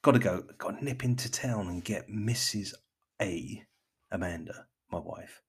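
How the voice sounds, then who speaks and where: Low husky-voiced chatty gardening host. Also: male voice, measured pace. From United Kingdom. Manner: rambling, chatty, keeps addressing listeners as friends. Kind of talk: casual monologue podcast.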